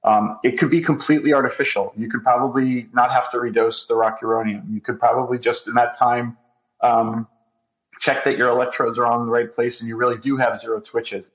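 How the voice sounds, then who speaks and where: A man's voice: medium pitch, little pitch movement, brisk, muffled recording. A man appearing as a physician guest on a podcast, explaining at length with many ums. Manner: explanatory, filler-heavy. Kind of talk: conversational interview.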